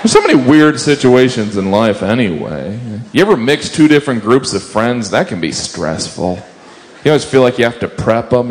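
A man's voice: medium pitch, very animated, normal speed. A man doing an observational stand-up set on stage, chatting with asides to a live audience. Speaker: stand-up comedian. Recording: live show with audience laughter.

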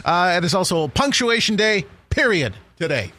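A man's voice: high-pitched, very animated, moderate pace, bright, forceful tone. A man hosting a morning radio show, chatting casually in a rambling, jokey way with frequent restarts. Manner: rambling, self-correcting, jokey.

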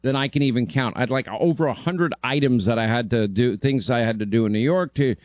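A man's voice: medium pitch, fairly quick, darkish tone, dry recording. A man hosting a talk radio show, talking bluntly and joking around with a guest.

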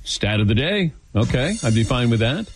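A man's voice: mid-range voice, very animated, normal speed, slight background noise, poor audio. A man hosting a sports talk radio show, easygoing and teasing, taking calls and bantering with his crew. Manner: easygoing, teasing, laughs often. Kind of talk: casual talk radio chat.

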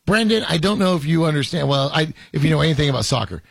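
A man's voice: a little high, lively intonation, fast talker, gravelly, dry recording. A middle-aged man co-hosting a casual sports podcast, rambling and self-interrupting as he talks, laughing often. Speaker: podcast co-host.

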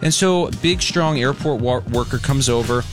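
A man's voice: mid-range voice, moderate pace, soft background music. A man hosting a radio show, telling a story in a casual, emphatic way. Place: radio studio.

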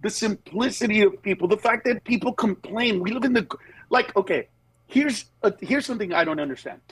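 A man's voice: high-pitched, lively intonation, a little fast, fairly bright tone, slightly rough, no room sound, rough recording. A middle-aged male comedian telling stories on a call, animatedly acting out quoted voices with laughs. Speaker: comedian guest. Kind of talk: phone interview chat. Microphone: phone line with Bluetooth.

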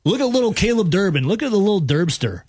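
A sports radio host trades casual, teasing banter and quick asides with his co-host and a caller. His high-pitched, very animated voice is a little mellow with a breathy edge, recorded on a studio microphone with no room sound.

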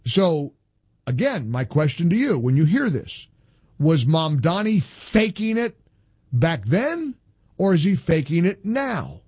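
A husky male radio host with a lively, swooping delivery. He argues hard and repeats his lines for emphasis, speaking close to a dry studio mic. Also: a little high, takes it slowly, no echo. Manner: animated, combative, repeats phrases for emphasis. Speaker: radio talk show host. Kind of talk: talk radio monologue.

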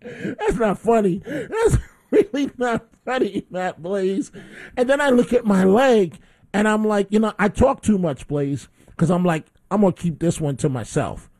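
Animated high-voiced radio host. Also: male voice, moderate pace, no echo, clean studio sound. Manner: animated storytelling, acts out his own shouts. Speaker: radio talk show host. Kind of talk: call-in radio talk. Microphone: studio microphone.

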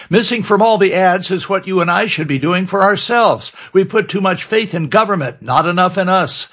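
Husky, high-voiced male radio commentator. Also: fairly bright tone. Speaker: syndicated columnist giving commentary.

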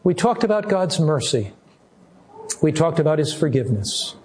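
An older man preaching a sermon as a pastor, earnest, with slow, drawn-out emphasis on key words. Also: fairly high pitch, very animated, a little mellow.

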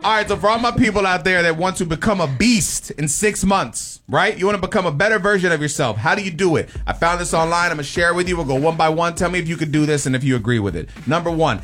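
Chill guy hosting, reads stuff out loud, kinda high voice, bit of music behind. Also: quick pace, few pauses. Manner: easygoing, reads items aloud, laughs along. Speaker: podcast host reading a list. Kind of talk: casual group chat.

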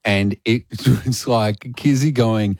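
A man's voice: lowish voice, slow, darkish tone, dry recording. A man co-hosting a radio show, teasing his co-host in studio banter. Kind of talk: breakfast radio chat.

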